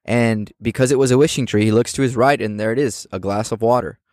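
A man's voice: medium pitch, fast, darkish tone, no echo, clean studio sound. A man as a podcast guest, earnestly telling a story in casual chat outdoors and often repeating words as he thinks. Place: outdoors on campus steps.

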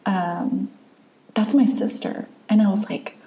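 A woman's voice: medium pitch, steady tone, slow, mellow, roomy sound. A woman in her thirties, a podcast host, candidly telling a long personal story in casual chat, with lots of fillers and restarts.

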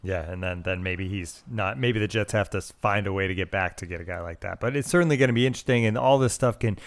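A man hosts a sports podcast in a low, relaxed voice, steering the conversation along with easy fillers. His voice sounds dry and close to the mic. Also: quick pace, no room sound. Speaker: podcast host. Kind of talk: casual podcast chat.

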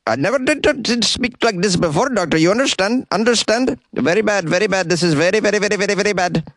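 A man voicing a panicked man who suddenly talks in a strange accent, high and frantic. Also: fast talker, a bit bright, no echo, clean studio sound.

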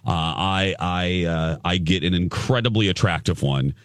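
A man hosts a radio morning show, telling a story with plenty of animation and acting out the people in it. His voice sits fairly low. The studio mic sound is dry and close. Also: normal speed, no echo. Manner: animated storyteller who acts out quotes. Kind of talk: casual on-air storytelling.

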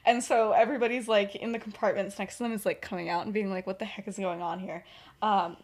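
A woman's voice: medium pitch, steady tone, fast talker. A woman co-hosting a podcast, telling a story in casual chat with lots of fillers and frequent giggles. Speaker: podcast co-host.

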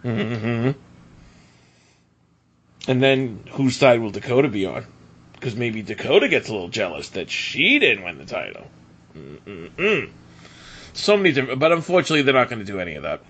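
Male podcast co-host with a bright voice, animated and chatty. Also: mid-range voice, normal speed, pauses often, husky, highs cut off. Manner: animated, laughs often, trails off and restarts. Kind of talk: casual wrestling podcast chat.

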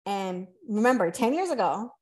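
A woman's voice: medium pitch, normal speed. A woman in her thirties hosting a podcast, chatting casually and acting out the voices in her stories. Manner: animated storyteller, acts out quoted voices, swears casually. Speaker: podcast host. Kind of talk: casual conversation.

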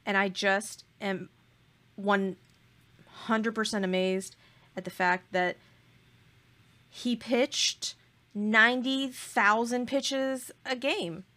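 A woman's voice: medium pitch, fairly even intonation, takes it slowly, long pauses, bright, forceful tone. A woman co-hosting a podcast in casual chat. She gushes with emphatic, playful exaggeration. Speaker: podcast co-host.

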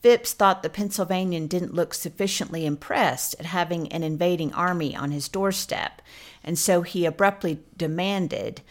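A woman with a somewhat low voice narrates history from a script. She tells the story in an even, steady delivery. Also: moderate pace. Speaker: podcast co-host.

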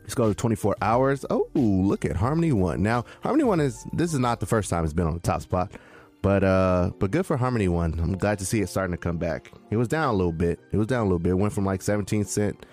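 A man co-hosting a casual crypto talk show, talking in an animated, preachy way and acting out quotes in a raised voice. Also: lowish voice, fast talker, soft background music. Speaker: crypto podcast co-host. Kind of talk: casual chat.

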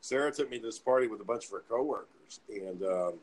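A man's voice: on the low side, fast, poor audio. Profane man telling a wild story. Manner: profane, animated retelling with acted-out quotes. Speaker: storyteller among friends. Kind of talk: casual storytelling chat.

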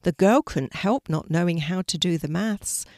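A woman voicing a gentle female guardian angel who speaks softly and patiently in a storybook reading. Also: on the low side, normal speed, no room sound, studio quality, natural voice. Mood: advising. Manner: soft, patient, advising.

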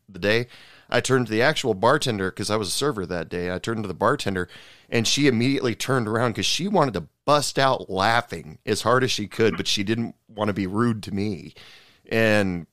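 A man's voice: on the low side, a bit bright, smooth, no echo, studio quality. A man co-hosting a podcast, telling stories in casual chat with many fillers and restarts. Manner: rambling, many fillers and restarts, laughs often. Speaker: podcast co-host, former server.

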